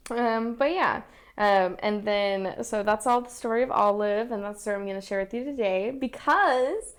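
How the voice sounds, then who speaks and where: A woman's voice: medium pitch, normal speed, clean tone. A young woman co-hosting a podcast, telling a ghost story in a casual, playful way with frequent laughs. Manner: giggly, playful, puts on silly voices. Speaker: podcast co-host.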